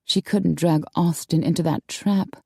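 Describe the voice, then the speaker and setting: A woman narrating an audiobook in a calm, measured storytelling manner, close to a studio mic. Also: fairly low pitch, vocal fry, slightly rough, no room sound. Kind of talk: scripted narration.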